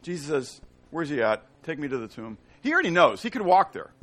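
A middle-aged man preaching a sermon, asking his congregation questions, swinging between loud emphasis and hushed tones. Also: a little high, sing-song, a little fast. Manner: asks the congregation fill-in-the-blank questions. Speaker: pastor.

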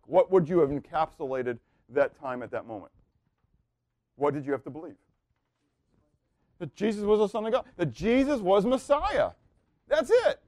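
A man with a high voice leads a Bible class, quizzing his listeners and waiting on their replies. He swings from loud emphasis down to near-murmured asides. The sound is dry and close. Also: dry recording. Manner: asks the class questions and waits for answers. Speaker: Bible teacher. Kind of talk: interactive Bible teaching.

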